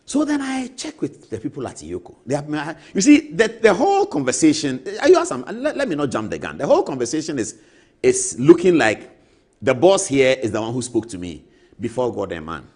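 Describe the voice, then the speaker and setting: Animated Ghanaian man, husky voice. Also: mid-range voice, fairly quick. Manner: animated, acts out quoted voices. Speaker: TV show host. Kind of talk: storytelling monologue.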